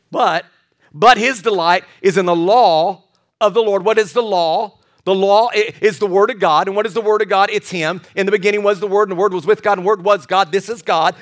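A male pastor preaching a sermon, telling stories animatedly and acting out the voices of the people in them. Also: high-pitched. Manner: animated storytelling, acts out quoted voices; drops to a soft hushed voice for tender moments.

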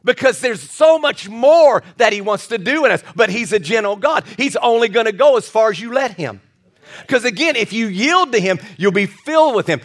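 A man, a pastor, preaching an animated sermon and telling a story, with bursts of shouting. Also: sits high.

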